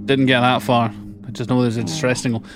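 A man playing a tabletop game, talking in character in a relaxed way with hesitant fillers. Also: medium pitch, fast talker, music in the background. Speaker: player. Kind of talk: casual in-character banter.

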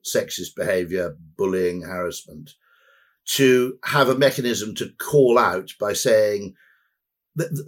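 A man as a podcast guest, talking in a rambling, anecdotal way with dry asides. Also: on the low side. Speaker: guest, advertising executive. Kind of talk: conversational podcast interview.

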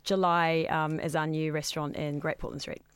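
A woman's voice: low voice, flat delivery, normal speed, smooth, dry recording. A woman in her thirties, a restaurant owner chatting enthusiastically in an interview, with lots of ums. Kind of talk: casual interview chat.

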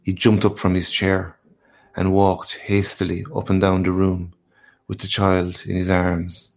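A man reads a classic short story aloud in a deep, low voice. His delivery is slow and measured, with a flat, even line. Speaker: narrator.

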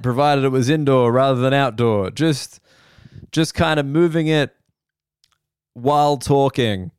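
A man's voice: mid-range voice, clear, resonant tone, no echo, studio quality. Profane Australian man, rambling comic monologue. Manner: rambling, profane, mimics people in quoted asides. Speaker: comedian podcast host. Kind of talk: solo comedic monologue. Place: quiet room at night.

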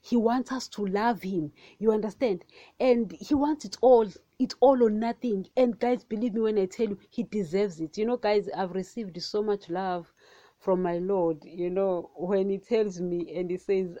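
A woman hosting a devotional podcast, talking casually and excitably, often addressing listeners as guys. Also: mid-range voice, moderate pace, dry recording, muffled recording. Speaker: podcast host.

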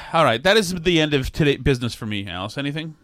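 Animated joking New man. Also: a little high, quick pace, no echo, clean studio sound. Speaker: radio host. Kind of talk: casual radio talk show banter.

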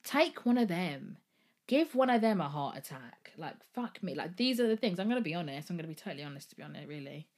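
Low-pitched woman podcasting solo, candid and rambly, swears a lot. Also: very animated, a little fast, darkish tone. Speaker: podcast host.

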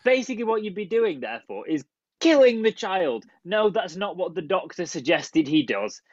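A man's voice: high voice, big pitch swings, moderate pace, no echo. A man on a casual podcast who questions the story in disbelief and swears freely. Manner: incredulous, sweary, poking holes in the story. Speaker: podcast co-host. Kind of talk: casual chat. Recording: dry, dull lo-fi mic.

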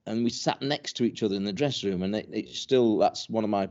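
An older man, a former professional footballer appearing as a guest, tells stories in a casual interview, rambling, chuckling, stumbling and repeating words. He talks fast in a darkish voice on the low side. The recording is dull and lo-fi.

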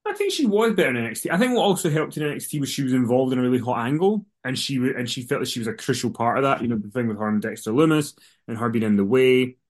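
A man's voice: medium pitch, animated, very fast. A man co-hosting a wrestling podcast in casual chat, rambling, with frequent restarts. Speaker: podcast co-host.

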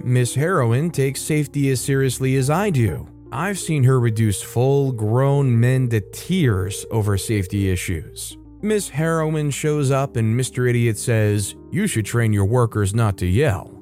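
A man's voice: medium pitch, expressive, a little slow, few pauses, a little mellow. Male story narrator over faint guitar. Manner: wry, conversational commentary between stories. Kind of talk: reading online stories aloud.

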